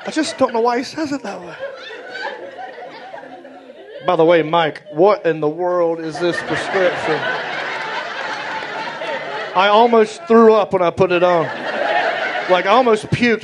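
A male stand-up comedian performing a playful, animated set and talking with the audience, on a club stage with a handheld mic. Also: high voice, moderate pace, background noise. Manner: animated and playful, talks with the crowd. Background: audience laughter.

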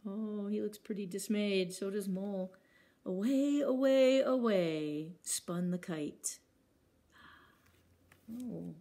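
A woman's voice: medium pitch, fairly even intonation, slow pace, long pauses, mellow. A woman librarian reading picture books aloud at children's story time, acting out sound words and stopping to ask the children questions.

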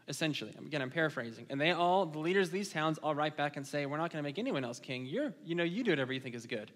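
Male pastor, slightly high voice, casual retelling of scripture; reverberant church hall. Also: expressive, very fast, hardly any pauses, fairly bright tone. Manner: conversational storytelling, paraphrasing scripture. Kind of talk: casual sermon. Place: church sanctuary.

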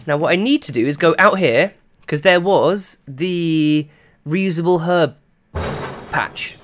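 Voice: medium pitch, slow pace. A game streamer giving live gameplay commentary, chatting to viewers and yelping when startled. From England. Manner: chatty, talks to the chat, yelps and shouts when startled.

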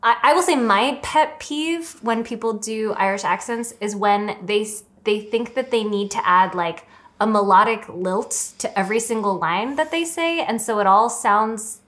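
A woman's voice: fairly high pitch, moderate pace, a bit bright. Chatty self-mocking woman. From Saratoga Springs, New York. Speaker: guest, host's sister. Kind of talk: casual Q&A chat.

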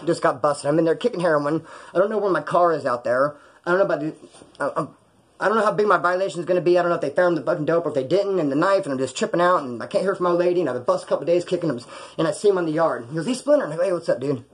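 A man's voice: fairly high pitch, rapid-fire, husky. A man casually telling profane prison stories, acting out the people in them, in a small hot room. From California. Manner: animated, profane, acts out quoted voices. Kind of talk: casual storytelling.

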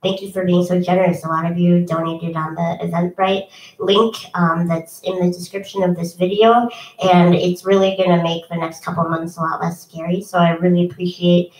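Young woman chatting between songs at home, kinda low voice, lots of ums, roomy echo. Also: level tone, moderate pace, a little mellow. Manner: chatty, self-deprecating, many ums. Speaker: musician hosting a home concert. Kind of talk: casual chat between songs. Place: home, indoors. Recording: echoey room, from a distance.

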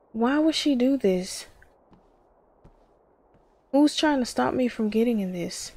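Slow gravelly woman gaming. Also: a little high, mellow, no echo. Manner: jumpy, talks to herself, exclaims often. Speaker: gamer. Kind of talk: horror let's play commentary.

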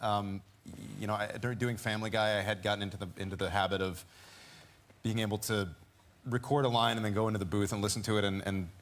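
A man in his forties, a voice actor talking casually as a talk show guest, animated and quick to slip into character voices. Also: fairly low pitch.

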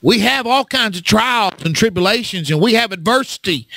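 Fervent high-voiced preacher man. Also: lively intonation, normal speed, creaky, no room sound. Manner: fervent, rises to shouts, call and response. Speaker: pastor. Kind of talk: sermon.

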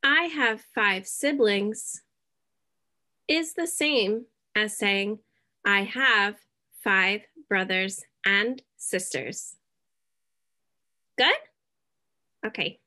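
A woman teaching a beginner English lesson, speaking deliberately, checking in often and dropping in Spanish words. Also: mid-range voice, sharp tone. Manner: slow, deliberate, checks in with "okay?".

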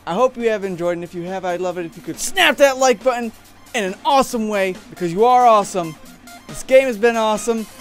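A man giving casual let's-play commentary, excitable and crude, jumping from mumbled asides to loud joking outbursts. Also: high voice. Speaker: gaming video host.

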